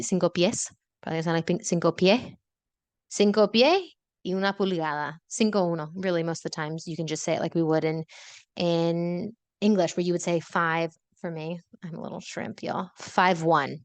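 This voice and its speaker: A young adult woman hosting a podcast language lesson, explaining vocabulary patiently, repeating words slowly and dropping in casual asides. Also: on the low side, no echo. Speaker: Spanish teacher and podcast host.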